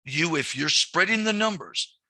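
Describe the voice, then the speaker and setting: A man's voice: fairly high pitch, expressive, moderate pace, sharp tone, no echo. A middle-aged man teaching commercial lending, lecturing in a conversational way with frequent restarts. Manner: conversational, repeats words and restarts. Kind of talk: classroom lecture with anecdotes.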